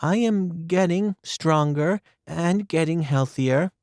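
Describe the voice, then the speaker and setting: A man voicing a timid, excitable young girl in a storybook reading, eager and pleading. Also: on the high side, slow, dry recording, studio quality, pitched above the performer's own voice.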